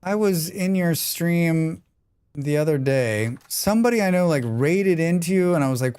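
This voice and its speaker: An American man talks loosely and jokes with viewers as he plays through a live-streamed survival game. His voice sits a bit higher than most men's, and his pitch jumps up when he teases or puts on a bit. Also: lively intonation, normal speed, a little mellow, smooth. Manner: joking, chatty, reads and answers chat. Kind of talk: casual live-stream chat while gaming.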